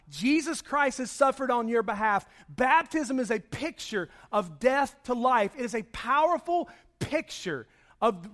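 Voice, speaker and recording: High-pitched guy preaching a sermon, chatty story stuff that builds into loud emphatic parts. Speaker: pastor. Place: church service.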